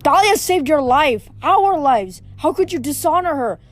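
A woman reading the part of an angry teenage girl who shouts her lines in an audiobook. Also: high voice, expressive, a little slow, faint music behind, pitched above the performer's own voice. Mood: furious. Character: furious teenage girl, sharp and proud.

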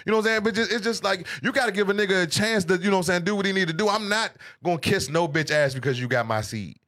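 A man, a comedian, telling stories in casual podcast chat, animated and profane. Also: sits high, rapid-fire. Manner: animated, profane, storytelling rants.

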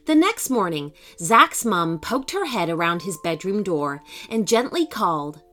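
A woman host narrating a children's story in an expressive, animated way. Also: lowish voice, a little slow, few pauses, faint music behind.

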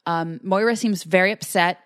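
Podcast co-host, female, low-ish register, casual recap delivery with quoted lines, dry booth sound. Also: moderate pace, fairly bright tone, smooth, dry recording. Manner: recounts scenes with acted-out quotes, many fillers.

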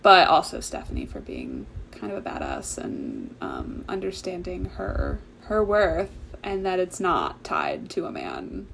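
A woman co-hosting a podcast in relaxed casual chat, rambling and laughing easily. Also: on the low side, a little slow, vocal fry, few pauses, slight background noise. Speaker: podcast co-host.

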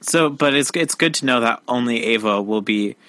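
A young man co-hosting a casual book-club podcast, retelling scenes with animated asides and dry quips. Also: mid-range voice, normal speed, no room sound. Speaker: podcast co-host.

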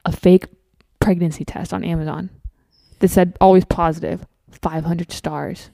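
A young woman telling wild stories as a podcast guest, animated and profane, acting out the other people in her stories. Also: fairly low pitch, creaky, dry recording. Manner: profane, animated, rapid storytelling with quoted asides. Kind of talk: casual storytelling.

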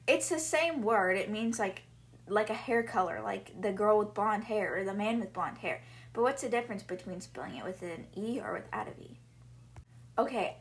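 A woman's voice: on the high side, a bit bright. A young woman hosting a podcast, retelling book chapters in a chatty, casual way full of "like" fillers. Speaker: podcast host.

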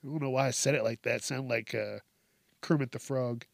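A man's voice: mid-range voice, normal speed, gravelly, dry recording. A man hosting a podcast alone, rambling through a casual, profane, self-mocking monologue. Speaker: podcast host.

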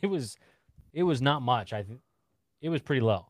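A man's voice: mid-range voice, expressive, moderate pace, dry recording. A man hosting a casual sports talk podcast, rambling with lots of "like" and restarts. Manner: rambling, heavy use of "like". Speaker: podcast host.

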